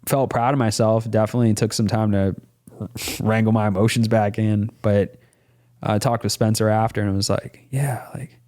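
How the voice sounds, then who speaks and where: A man's voice: on the low side, flat delivery, normal speed, darkish tone. A young man, a podcast guest, casually telling a personal story in a rambling, earnest way with lots of fillers and some swearing. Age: young adult.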